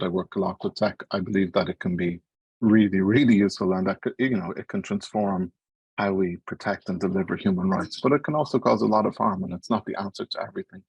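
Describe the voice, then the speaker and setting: A man with an Irish accent giving an academic panel talk, speaking quickly and earnestly as he explains his points. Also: low-pitched, darkish tone, breathy edge, no room sound, low-quality recording. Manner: fast-paced, earnest, explanatory.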